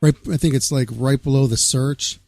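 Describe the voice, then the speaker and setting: A man's voice: medium pitch, fairly even intonation, normal speed, creaky, darkish tone, no room sound. A man hosting a casual radio show, rambling and laid-back, reading out press notes and chatting with a caller.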